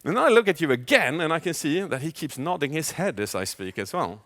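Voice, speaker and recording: A man speaking as a communication coach in a live keynote, animated, asking the audience questions and acting out inner voices. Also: fairly high pitch, fairly quick. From Sweden. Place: large event hall. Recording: long hall reverb.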